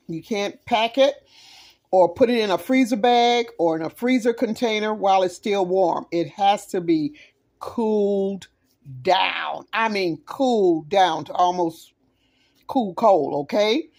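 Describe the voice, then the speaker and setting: Slow, gushing Southern woman. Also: medium pitch. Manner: gushing, exclamatory, chatty with viewers; talks while eating. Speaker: home cook, channel host. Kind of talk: casual cooking vlog, taste test. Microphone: phone camera.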